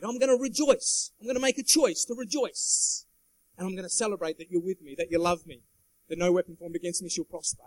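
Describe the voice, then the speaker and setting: A man's voice: extremely high pitch, no echo, poor audio. A man preaching a sermon in a church, earnest and emphatic, calling out to the congregation. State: sweating. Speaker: guest preacher.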